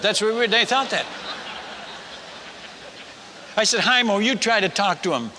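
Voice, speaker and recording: A man's voice: high-pitched, animated, a little fast, hardly any pauses, bright, forceful tone, slight background noise. A man, a missionary preacher, tells a story in a sermon, acting out the dialogue and the sound effects. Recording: long reverb of a large hall.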